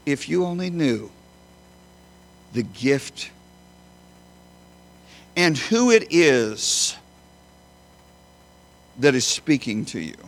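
A man preaching a sermon as a pastor, emphatic, swinging between loud high bursts and quiet low phrases. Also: sing-song, extremely slow, pauses often. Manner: emphatic, with big swings in pitch and loudness.

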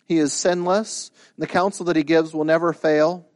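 A man preaching a sermon, animated, who acts out the quoted lines with big jumps in his voice. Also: a little high, normal speed, no room sound, clean studio sound. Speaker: pastor.

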